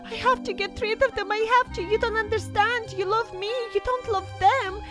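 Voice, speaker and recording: A woman's voice: extremely high pitch, fairly even intonation, moderate pace, over music. A woman voicing an unhinged, possessive young woman who stalks the man she loves, sliding from creeping menace into pleading, in a Minecraft role-play. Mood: desperate pleading.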